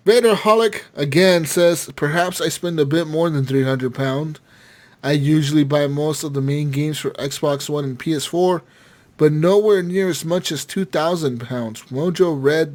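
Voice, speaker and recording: A man hosts a casual gaming podcast, reading listener comments aloud and reacting with loud laughter and constant swearing. His voice sits a little high. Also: measured pace.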